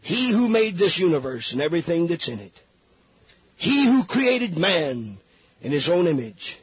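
A man's voice: on the high side, very animated, unhurried, slightly rough, dry recording. A man preaching a fervent sermon, reading scripture aloud and pleading with his listeners.

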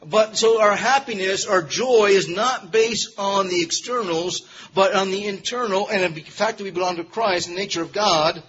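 A man's voice: sits high, normal speed, hardly any pauses, a bit bright, slightly rough, lo-fi sound. A man preaching an evening sermon, emphatic, driving points home by repetition. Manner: emphatic, repeats key phrases.

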